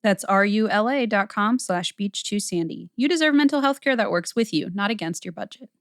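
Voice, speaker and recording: A woman's voice: mid-range voice, a little fast, clear, resonant tone, no room sound, studio quality. A woman co-hosting a casual podcast, chatting playfully, laughing often and reading ads. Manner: playful, laughs often, sing-song impressions. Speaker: podcast co-host. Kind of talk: casual chat and ad reads.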